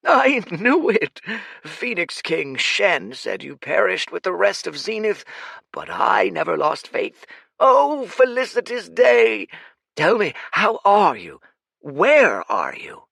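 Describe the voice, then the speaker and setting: A male narrator voicing Old Man Fate, a wizened spirit who exclaims in a high, lively voice, in an audiobook. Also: slow pace, gravelly, breathy edge, no echo, studio quality, exaggerated voice. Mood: overjoyed. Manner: exclamatory, overjoyed, breathless.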